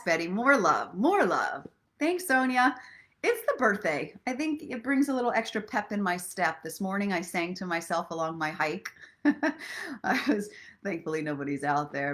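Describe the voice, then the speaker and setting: A woman's voice: on the low side, pushed and bright. A middle-aged woman, a self-love coach, chatting casually and emotionally with viewers on a live stream, then reading aloud from a book. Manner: chatty, emotional, laughs often. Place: at home in Los Angeles.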